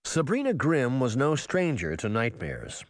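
A man narrates a storybook in a measured, unhurried way. His voice moves expressively up and down. The recording is dry and close, with no room sound. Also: mid-range voice, huge pitch swings, dry recording. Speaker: audiobook narrator. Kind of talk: scripted narration.

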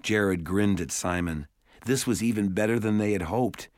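Low-voiced man narrating a story. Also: normal speed, no room sound, studio quality. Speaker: audiobook narrator. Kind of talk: scripted narration.

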